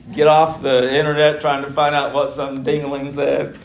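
A man's voice: fairly high pitch, monotone, measured pace, lo-fi sound. A man teaching an adult Bible class, emphatic, chuckling between points and repeating key phrases for emphasis.

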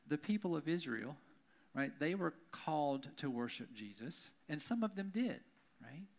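Male pastor, casual sermon delivery, fairly high voice, keeps checking in with listeners. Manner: conversational, keeps asking "right?".

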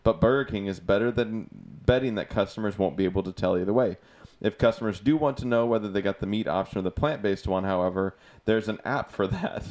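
A man with a fairly low voice bantering on a relaxed podcast, quick to laugh. When he reads out a news item he stumbles and restarts as he goes. He keeps it easygoing throughout. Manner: laughs easily, reads news items aloud with halting restarts. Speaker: podcast co-host. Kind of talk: casual chat.

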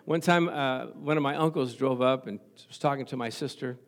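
A man's voice: mid-range voice, measured pace. A middle-aged male pastor preaching a sermon, stressing points by repeating phrases and chuckling at his own stories.

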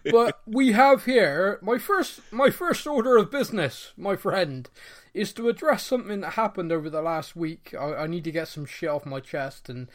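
Male podcast host, lively ranting delivery, wide pitch swings. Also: normal speed. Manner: animated, ranting, jokey. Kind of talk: casual chat.

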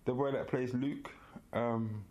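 A podcast co-host animatedly retells a story in casual, slang-filled chat punctuated by laughter. His mid-range voice is mellow and fairly even in intonation, and he speaks slowly.

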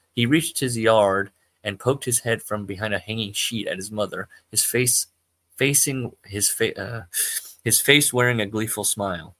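Male podcast host reading fiction, rambling and self-correcting; lowish, bright tone. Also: no echo. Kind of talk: reading amateur fiction aloud, with asides.

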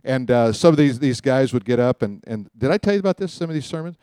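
A man teaching from the Bible in a lively, joking way, telling stories to his class. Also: medium pitch, fast, smooth, no room sound, clean studio sound. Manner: animated, joking, storytelling. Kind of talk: teaching sermon.

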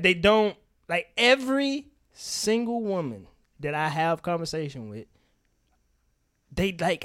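A man co-hosting a podcast, talking candidly and emphatically with plenty of swearing. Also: a little high. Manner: animated, emphatic storytelling with frequent swearing. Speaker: podcast co-host. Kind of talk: candid casual chat.

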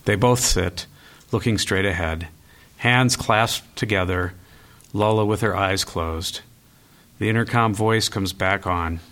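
A man with a somewhat low voice reads screenplay stage directions aloud. His delivery stays steady and even throughout. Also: takes it slowly.

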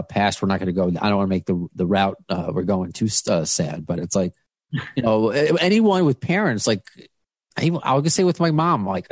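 Low-voiced rambling male podcast host. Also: no echo. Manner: rambling, many restarts and fillers. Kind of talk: casual interview.

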